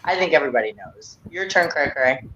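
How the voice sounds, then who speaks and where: A woman's voice: low-pitched, animated, fairly quick, a bit bright, lo-fi sound, a little hiss or hum. A woman who leads a team, speaking in a shy, self-conscious way. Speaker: team commander. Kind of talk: casual chat.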